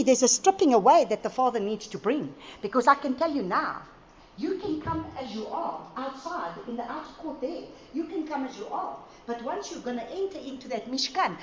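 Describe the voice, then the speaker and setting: A woman preaching at a conference, lively and storytelling, with acted asides. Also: a little high, slight background noise. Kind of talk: conference sermon. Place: conference hall. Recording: roomy hall sound, dull audio.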